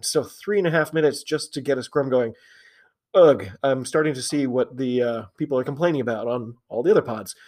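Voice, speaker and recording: A man hosting a solo podcast, chatty and opinionated, with frequent fillers and restarts. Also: on the high side. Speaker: podcast host. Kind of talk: casual solo commentary.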